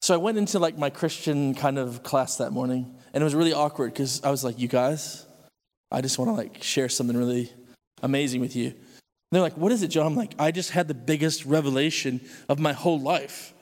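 A man's voice: medium pitch, brisk. Earnest man preaching in echoing hall. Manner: earnest, intense, rising to excited outbursts. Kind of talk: sermon testimony. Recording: long reverb of a large hall.

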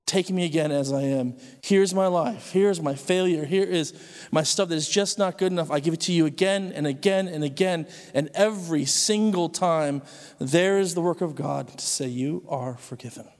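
Male preacher, slightly high voice, earnest testimony, long hall reverb. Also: normal speed. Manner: earnest, intense, rising to excited outbursts. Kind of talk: sermon testimony.

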